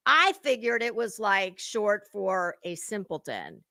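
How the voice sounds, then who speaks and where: Slow, gravelly-voiced woman livestreamer. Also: medium pitch, big pitch swings, bright, forceful tone, no echo, clean studio sound. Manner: salty, chatty, drawling, with cusswords. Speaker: livestream host. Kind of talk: casual livestream chat, greeting viewers.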